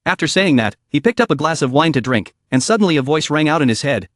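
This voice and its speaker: A man narrating a comic story recap in an even, steady reading voice. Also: a little high, fast, no echo, clean studio sound.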